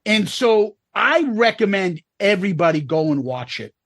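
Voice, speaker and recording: A man's voice: high voice, big pitch swings, normal speed, dry recording, studio quality. A man co-hosting a casual podcast, rambling and profane as he retells scenes. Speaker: podcast co-host. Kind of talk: casual chat.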